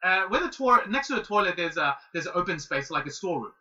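Man, late thirties, bright voice, slightly raised pitch, casual halting story. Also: recorded from a distance, highs cut off. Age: 30s. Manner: animated, halting, many restarts and laughs. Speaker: guest, martial arts student.

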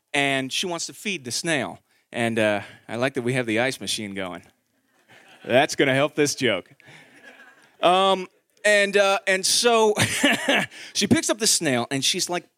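A man in his thirties performing a stand-up comedy set, telling a story with animated delivery and acted-out quotes. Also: fairly high pitch, dry recording, clean studio sound.

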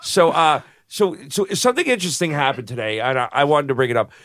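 A chatty podcast host rambles through his points in a casual way. His voice sits a bit higher than most men's and sounds close and dry. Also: sing-song, fast talker, a bit bright, no room sound. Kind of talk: casual chat.

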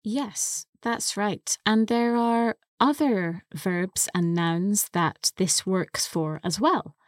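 Slow, careful female language teacher. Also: mid-range voice, no echo, studio quality. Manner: slow, careful explaining of words. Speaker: co-host and English teacher. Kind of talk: podcast language lesson.

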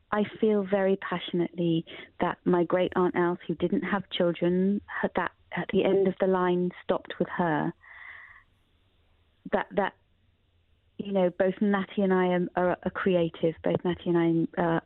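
Earnest and emotional, this middle-aged woman talks reflectively as an interview guest in a mid-range voice, frequently starting her sentences over. Her audio comes across dry and tinny, like a phone line.

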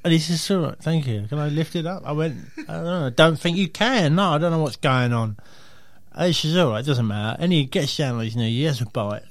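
Gravelly man telling a deadpan story. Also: a little high, brisk, no echo. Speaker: comedy podcast co-host. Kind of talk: absurd comic anecdote, improvised banter.

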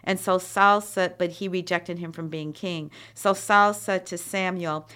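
A woman giving a chatty, animated Bible teaching, reading verses and adding asides. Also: fairly low pitch, a little slow, hardly any pauses, clear, resonant tone.

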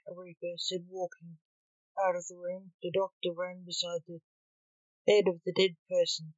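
A woman reading a fan story aloud in plain, even narration, on a dull lo-fi recording. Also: lowish voice, moderate pace, no room sound. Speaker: story reader.

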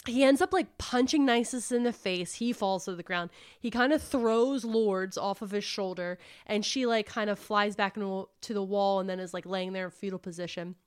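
A woman with a smooth, medium-pitched voice hosts a book club podcast, casually retelling a novel's plot. She's an animated storyteller who acts out the characters' quotes and says "like" often.

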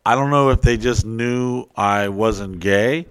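A young adult man in casual, profane podcast banter, telling stories with exaggerated high-pitched quoted voices. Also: takes it slowly, clean tone, no echo. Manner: profane, animated storytelling with high mocking put-on quotes.

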